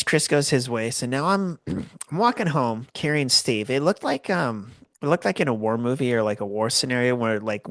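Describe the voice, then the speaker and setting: A Canadian man in his forties, a podcast host telling a personal story in an animated, rambling way that corrects itself often. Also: mid-range voice, dry recording, clean studio sound.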